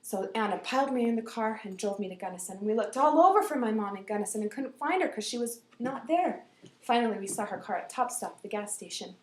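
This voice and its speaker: A woman telling a personal story aloud in an animated way, dropping to whispers and rising to loud outbursts. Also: fairly high pitch, quick pace, reverberant.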